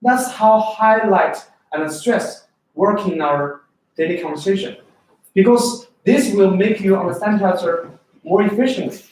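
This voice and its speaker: A man's voice: sits high, measured pace, a little mellow. A man teaching a test preparation class, explaining with spoken examples and stressing key words. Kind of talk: lecture. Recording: very echoey room, speaker far from mic.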